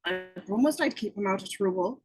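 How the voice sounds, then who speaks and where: Female reader for grumpy Belfast gangster, fifty, husky. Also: medium pitch, animated, a little fast, no echo, faint music behind. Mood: gruff. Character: stocky angry Belfast man, fifty. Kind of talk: amateur script table read.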